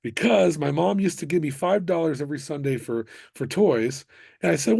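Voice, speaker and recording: A man from the United States, a musician, telling stories in a casual interview with animated bursts of excitement. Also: on the high side, moderate pace, gravelly, breathy edge, no echo. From United States (Miami). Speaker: musician guest.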